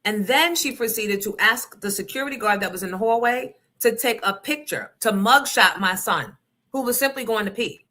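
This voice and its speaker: A middle-aged woman hosting a livestream, chatting casually and telling stories in an animated, profane way, acting out the other people in them. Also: on the high side, moderate pace. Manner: animated, profane, acts out voices in her story. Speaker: livestream host. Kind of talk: casual chat, storytelling.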